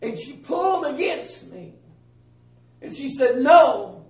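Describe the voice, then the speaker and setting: Man with a very high voice, dramatic testimony, far from the mic in an echoey room. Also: sing-song, a little slow, a little mellow. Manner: dramatic, cries out, repeats himself. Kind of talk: emotional dream testimony.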